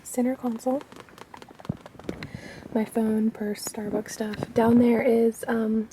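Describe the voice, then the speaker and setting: A young woman giving a soft-spoken ASMR car tour, chatty and full of fillers, often sliding into a whisper and a bit out of breath. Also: on the high side, little pitch movement, slow pace, distant mic, background noise. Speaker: ASMR vlogger. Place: inside a parked car.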